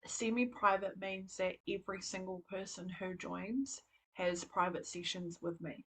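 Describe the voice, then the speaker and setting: Brief: New woman, spiritual coach on a live stream, soft and earnest, mid pitch. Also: fairly even intonation, measured pace, a little hiss or hum, poor audio. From New Zealand.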